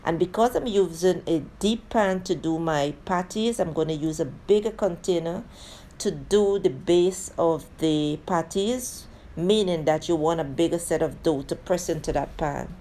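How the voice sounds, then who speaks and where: A woman hosts a relaxed cooking tutorial, talking through each step and calling her viewers "guys". Her voice sits low and sounds warm and mellow. A faint hiss stays in the background. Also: a little slow. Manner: chatty, addresses viewers as guys; talks through each step with friendly asides. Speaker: cooking channel host.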